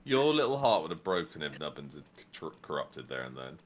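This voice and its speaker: A man in casual chat after a tabletop game, animated and quick to laugh. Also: extremely low pitch.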